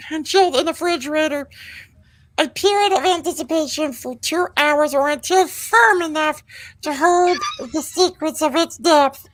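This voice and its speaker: A woman's voice: very high-pitched, no room sound, low-quality recording. A woman co-hosting a podcast, reading a recipe in a mock-sensual, playful way. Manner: playful, breaks into laughter.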